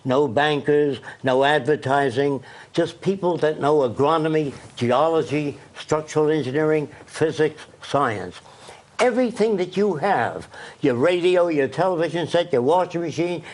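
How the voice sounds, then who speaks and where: A man's voice: fairly high pitch, darkish tone. An older man, a guest in an interview, lecturing with passion and ticking off points one by one. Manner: emphatic, lists points one by one. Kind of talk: impassioned lecturing.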